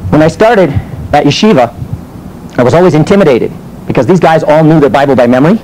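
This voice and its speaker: Minister teaching a sermon, animated and questioning, higher voice with lots of swing. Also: male voice, fast, a little hiss or hum, low-quality recording. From United States. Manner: animated storytelling with rhetorical questions.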